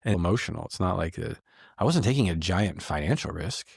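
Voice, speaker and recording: A middle-aged man hosting a candid conversation, animated and acting out the lines he quotes. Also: low-pitched, a little fast, vocal fry, breathy edge, no echo, studio quality. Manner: animated, acts out quoted dialogue. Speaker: host and business coach.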